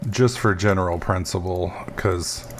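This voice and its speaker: A man's voice: sits low, fairly even intonation, a little slow, a little hiss or hum. A man casually commenting on his gameplay, rambling and swearing as he goes. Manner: rambling, profane, self-mocking. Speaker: gaming video host.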